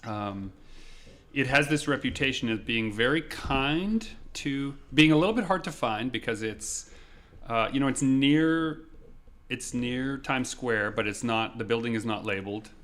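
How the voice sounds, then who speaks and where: Bright-voiced man telling a story. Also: medium pitch, a little slow. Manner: animated, acts out shouted lines. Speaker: podcast co-host. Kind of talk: casual storytelling.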